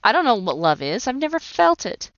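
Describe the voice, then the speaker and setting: A woman's voice: fairly high pitch, big pitch swings, a little fast, no echo. Female podcast host and coach, 30s, earnest testimony, slightly muffled recording. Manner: earnest, emotionally open storytelling. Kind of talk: personal testimony monologue.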